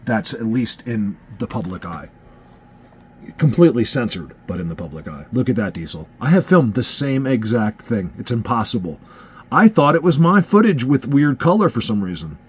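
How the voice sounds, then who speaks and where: A man's voice: medium pitch, big pitch swings, normal speed, slight background noise. A man from New Jersey, a Bigfoot researcher, talking in a rambling, emphatic vlog rant. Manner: rambling and emphatic, restarts often.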